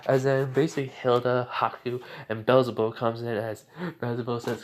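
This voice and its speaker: A man's voice: medium pitch, level tone, moderate pace. Rambling young man retelling a story. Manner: rambling, many fillers and restarts. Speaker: fan storyteller.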